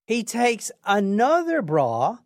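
A woman's voice: fairly high pitch, wildly swooping pitch, slow pace, no room sound, clean studio sound. A woman hosting a podcast, telling a true crime story in a casual, blunt way, with swearing. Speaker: podcast host.

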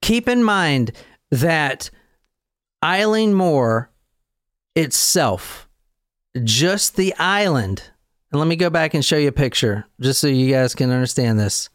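Animated, excitable male podcast host. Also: a little high, dry recording, studio quality. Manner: excitable, swears and laughs often, quick bursts. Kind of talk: casual storytelling chat.

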